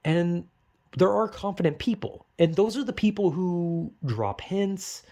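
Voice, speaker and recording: A man's voice: high voice, lively intonation, a little slow, dark tone. A young man talking casually, rambling and swearing, acting out quotes in goofy voices. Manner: rambling, profane, acts out quotes in silly voices. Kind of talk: casual monologue.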